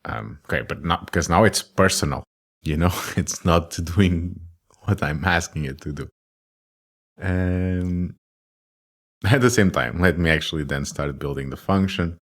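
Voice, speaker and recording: A man's voice: sits low, measured pace. A man teaching a casual coding tutorial, thinking aloud with many ums and self-deprecating jokes. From Germany. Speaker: course instructor.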